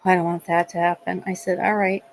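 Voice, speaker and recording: A middle-aged woman who works as a nurse, hosting a live stream and telling stories in casual chat, animated and acting out the voices of people she quotes. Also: fairly low pitch, brisk, rough recording. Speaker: livestream host.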